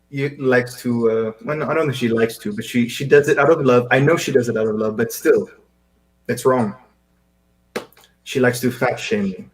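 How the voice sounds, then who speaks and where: A man who grew up in Seychelles, hosting a casual video chat in an animated way, often stumbling over repeated words. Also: medium pitch, poor audio. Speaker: host. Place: live video call.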